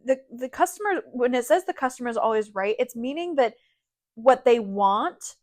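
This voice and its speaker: A woman's voice: a little high, lively intonation, normal speed. A woman co-hosting a podcast, speaking in a casual, emphatic and opinionated way. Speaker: podcast co-host. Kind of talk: casual chat.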